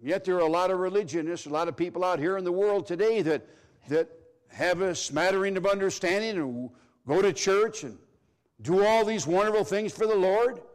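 A middle-aged man preaching with a high voice. He is emphatic and presses his points hard, then sinks into low, hushed phrases for effect. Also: normal speed. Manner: emphatic, swings from loud to hushed. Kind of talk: sermon.

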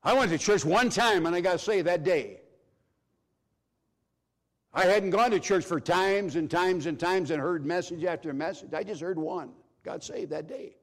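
Emphatic high-voiced male preacher. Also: moderate pace. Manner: emphatic, swings from loud to hushed. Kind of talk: sermon.

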